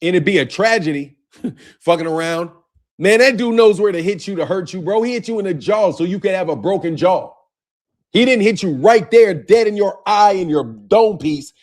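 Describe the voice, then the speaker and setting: A man hosting a boxing channel livestream, chatting casually and profanely while greeting viewers by name. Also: high voice.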